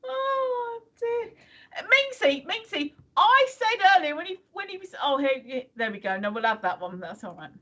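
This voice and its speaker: Lively high-pitched woman bantering. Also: moderate pace, lo-fi sound. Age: 50s or 60s. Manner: laughing, teasing banter. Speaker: stream co-host. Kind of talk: casual livestream chat.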